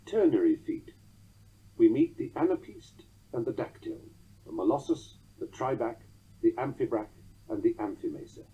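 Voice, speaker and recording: A man with a medium-pitched, sing-song voice that's mellow and slightly rough narrates a lesson on poetic meter at a moderate pace, reading rhythmically and tapping out the beats aloud. It's an audiobook-style lesson reading. The recording is dull and lo-fi.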